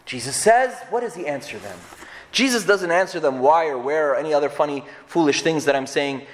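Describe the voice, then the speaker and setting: A man with a high voice preaches a lively sermon. He tells stories with animation and acts out the passages he quotes. The sound is echoey, with a long reverb like a church hall. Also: a little fast. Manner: animated storytelling, acts out scripture quotes, laughs at his own jokes. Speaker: pastor.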